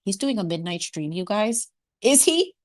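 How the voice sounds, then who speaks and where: A woman's voice: medium pitch, very animated, normal speed. A woman hosting a casual livestream chat, playful and sassy, laughing often and dropping in Spanish words. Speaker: livestream host.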